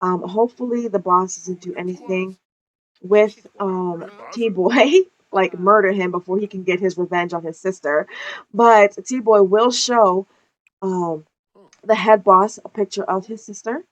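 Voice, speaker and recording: A woman's voice: medium pitch, fairly even intonation, a little slow, muffled recording. A woman narrating her life-sim gameplay in casual commentary, chatty and profane, often laughing.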